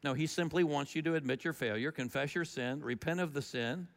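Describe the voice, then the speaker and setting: A man delivering a sermon in a relaxed, conversational tone, leaning into the story with swings in loudness. His voice sits a little higher than most men's. It rings out with a long echo, as in a large sanctuary. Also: brisk, gravelly. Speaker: pastor.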